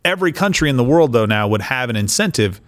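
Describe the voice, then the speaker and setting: Animated male political commentator. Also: medium pitch, quick pace. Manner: animated, mock voices, frequent restarts. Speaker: co-host.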